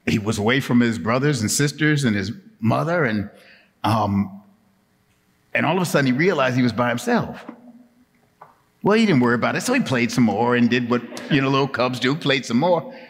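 A man's voice: medium pitch, long reverb tail. A man preaching a children's sermon, telling a playful animal story and getting the congregation to join in. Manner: playful, animated, draws the crowd in. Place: church sanctuary.

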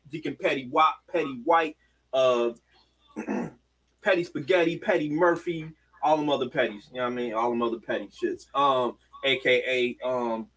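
A man's voice: medium pitch, a bit bright. A man co-hosting a podcast, rambling in casual banter with lots of ums. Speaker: podcast co-host.

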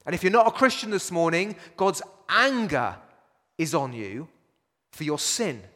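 High-voiced guy giving a chatty sermon, lots of "like" and restarts, long hall echo. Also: very animated, a little slow, bright, forceful tone. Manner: conversational preaching, many fillers and restarts, rhetorical questions. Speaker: pastor.

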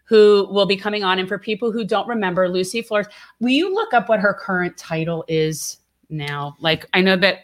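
An outspoken woman co-hosting a casual political talk show. She talks with animated emphasis and pushes hard on the words she cares about. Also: medium pitch, moderate pace. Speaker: co-host.

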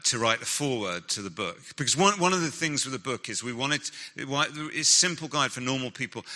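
A man, a guest author and Christian leader, speaking to a live audience as an enthusiastic storyteller with quick asides. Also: mid-range voice, bright, forceful tone. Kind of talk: animated talk to a live audience. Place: stage in a large hall. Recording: long hall reverb.

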